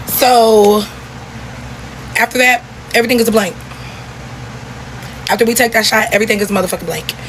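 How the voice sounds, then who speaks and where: A young woman telling a story in a casual vlog, talking in a profane, animated, repetitive way. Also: a little high, a little hiss or hum, poor audio.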